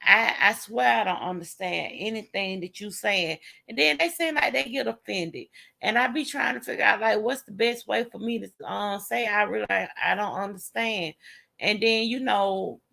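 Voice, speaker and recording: A woman's voice: medium pitch, vocal fry. A woman hosting a casual live stream, talking bluntly with plenty of cursing and laughter. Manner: blunt, profane and animated, with laughter and drawn-out asides.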